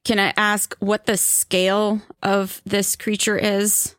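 A woman's voice: mid-range voice, completely flat delivery, takes it slowly, a bit bright, dry recording, clean studio sound. A woman playing a tabletop game. She talks in a matter-of-fact way and asks practical questions about the scene. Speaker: player.

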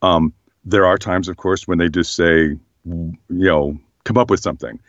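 Casual guest: hoarse, very deep-voiced man, reflective, on a muffled lo-fi track. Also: normal speed, no room sound. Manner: relaxed, thoughtful, many fillers. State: slightly hoarse. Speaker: voice actor guest. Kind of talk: casual interview chat.

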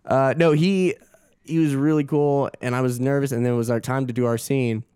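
A man's voice: mid-range voice, fairly quick, clean tone, dry recording, studio quality. A young adult man, a guest actor, telling a story casually and acting out the quotes with laughs. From Augusta. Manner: animated, laughing, acts out quotes.

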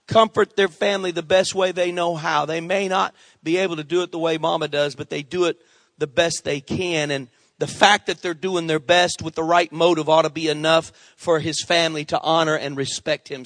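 A middle-aged man preaches a sermon with an animated delivery, pausing to call for amens from the congregation. His voice sits high and has a bright, forceful edge. The recording is dry and close. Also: dry recording. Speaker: pastor.

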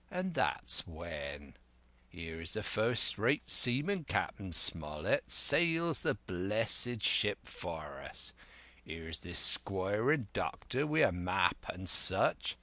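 Long John Silver, a man reading as a gruff pirate. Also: low-pitched, pushed and bright, no room sound, heavily acted. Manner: gruff, persuasive, old seafaring dialect. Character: scheming one-legged pirate cook, older man.

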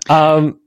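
A man's voice: very high voice, a little hiss or hum. A man hosting a casual chat show, laughing often and hesitating with fillers. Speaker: podcast host.

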